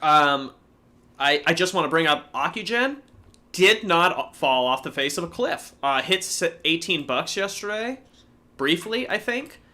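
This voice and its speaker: A man co-hosting a casual livestream, telling a story in an animated way and swearing freely. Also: a little high, unhurried. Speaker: co-host.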